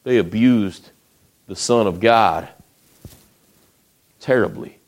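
A man preaching a sermon, retelling the story in a folksy way with acted quotes, often dropping to a hush. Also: lowish voice, slow.

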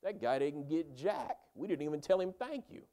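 A man's voice: fairly high pitch, big pitch swings, normal speed, warm tone. A man voicing a palace servant who speaks in blunt, slangy words.

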